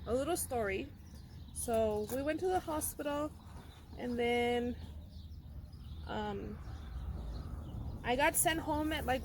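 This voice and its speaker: A woman's voice: fairly high pitch, a little hiss or hum. A young woman vlogger telling a personal story in a casual, rambling way with many fillers and restarts.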